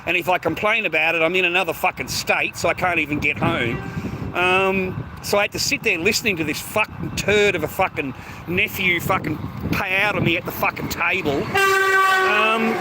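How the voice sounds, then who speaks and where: An Australian man in his fifties, ranting aggrieved and profane in a vlog, stammering over restarts. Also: high-pitched. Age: 50s. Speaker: vlogger. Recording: noisy outdoor street recording.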